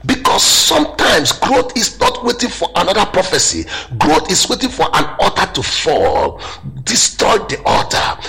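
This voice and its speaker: A man's voice: high-pitched, wildly swooping pitch, moderate pace, few pauses, pushed and bright, soft background music, rough recording. A male preacher declaring prophetic prayers in emphatic, rhythmic repetitions.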